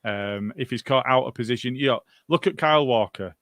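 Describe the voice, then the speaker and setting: A man's voice: mid-range voice, a little fast, a bit bright, no echo, studio quality. A man co-hosting a football podcast, chatting casually and putting questions to his co-hosts. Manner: conversational, asks co-hosts questions. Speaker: podcast co-host.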